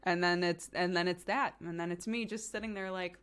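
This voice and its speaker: A woman's voice: on the low side, fairly even intonation, a little fast, fairly bright tone, smooth. A young woman streamer telling a story in casual chat, laughing often and acting out the quotes. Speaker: streamer and host.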